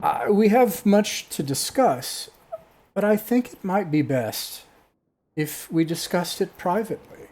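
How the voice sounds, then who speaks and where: Man doing a booming ancient witch queen. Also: animated, measured pace, darkish tone. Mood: gracious. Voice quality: echoing, booming. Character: grand ancient female witch queen, gracious and regal.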